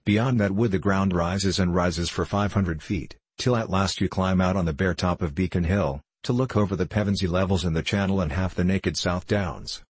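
A man narrating a classic children's novel as an audiobook, in a measured, even storytelling manner. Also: low voice, breathy edge, no room sound.

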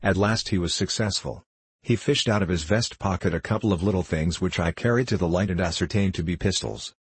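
A man narrating a classic story as an audiobook, in a measured, wry manner. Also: sits low, slightly rough, no echo.

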